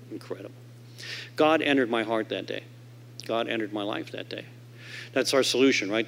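A man speaking at a convention stage mic, telling his recovery story to the audience and acting out the voices of the people in it. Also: slight background noise. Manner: animated storyteller who acts out quoted voices; swings from loud and emphatic to low and quiet.

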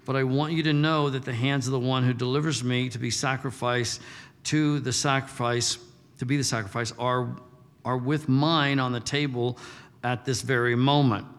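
A man's voice: mid-range voice, moderate pace, faint music behind. Conversational male pastor preaching in a hall. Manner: conversational, animated asides with playful voices. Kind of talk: sermon.

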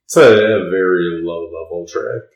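A podcast co-host in casual chat, making dry, wry deadpan quips. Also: sits low, moderate pace, reverberant, rough recording.

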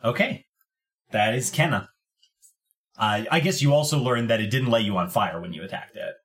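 A man runs a tabletop game, describing the scene in a loose, laid-back way. He hesitates often as he thinks. His voice sits at an ordinary middle pitch. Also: lively intonation, normal speed, a bit bright. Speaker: game master.

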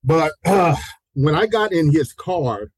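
A pastor of about sixty talks slowly in a fairly high voice with a breathy edge, telling personal stories as a guest in a conversational interview. He's animated, imitates the people he quotes, laughs frequently as he goes, repeats things, and leans on "you know." The recording is low-quality with no echo.

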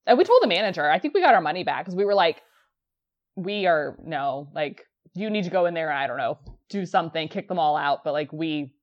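A woman's voice: sits low, very animated, fast talker, lo-fi sound. A woman in her thirties co-hosting a podcast, chatting casually with lots of fillers and laughs. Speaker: podcast co-host. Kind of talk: casual chat.

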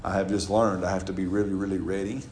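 A middle-aged man with a fairly low voice teaches his congregation in a loose, conversational style, chuckling often and checking in with "right?". His voice carries a roomy echo, as if in a church hall. There is a faint hum of noise under it. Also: level tone, fast talker, a little mellow. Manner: chatty, laughing, keeps asking "right?". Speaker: pastor leading a Bible study. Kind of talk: informal teaching with congregation replies.

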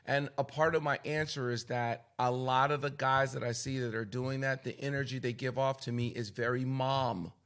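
A man, a pastor hosting the show, speaking in blunt, forceful casual conversation. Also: medium pitch, steady tone, moderate pace, hardly any pauses. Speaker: pastor and podcast host.

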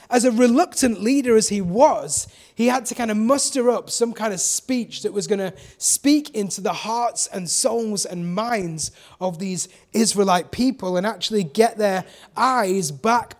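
A man preaching a sermon, animated, asking the congregation questions and acting out the people he quotes. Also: high voice.

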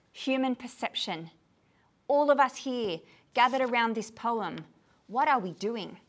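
A woman gives a talk on a poem to a gathered group in a room, tired, animated and often checking that her listeners follow. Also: fairly high pitch. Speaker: lecturer on poetry.

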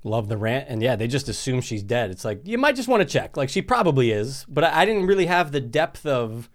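A man's voice: medium pitch, sing-song, fairly quick. Easygoing male podcast co-host. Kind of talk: casual movie review chat.

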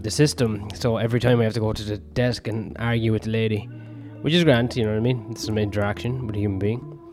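Young man, podcast host, rambling, sweary, self-mocking, faint music behind. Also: lowish voice. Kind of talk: solo rambling podcast monologue.

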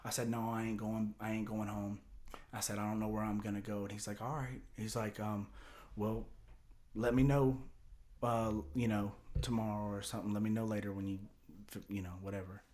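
A man's voice: on the low side, level tone, normal speed, darkish tone. A man telling a long personal story as a podcast guest, rambling, repeating words and acting out other people's lines. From Houston area, Texas. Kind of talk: casual storytelling.

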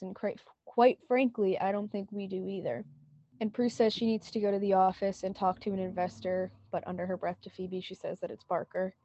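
A woman co-hosting a podcast retells a TV scene in casual chat, quoting lines and saying "like" a lot. Her medium-pitched voice is mellow, and the recording is dry with the highs cut off.

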